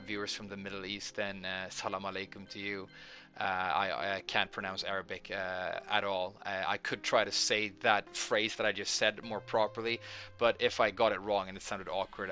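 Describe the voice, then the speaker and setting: Male host, hoarse and bright-toned, flat delivery, halting casual commentary. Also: fairly low pitch. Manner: hesitant, lots of filler words. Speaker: gaming video host.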